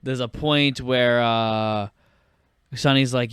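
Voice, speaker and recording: Smooth-voiced young man chatting about films. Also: mid-range voice, moderate pace, dry recording, clean studio sound. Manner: animated, acts out movie lines in put-on voices, swears freely. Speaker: podcast co-host. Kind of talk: casual film chat.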